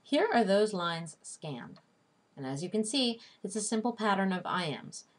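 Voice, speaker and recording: A woman teaching a recorded lesson in a slow, deliberate, scripted way, spelling out each term. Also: mid-range voice, expressive. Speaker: literature teacher. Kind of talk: scripted video lecture.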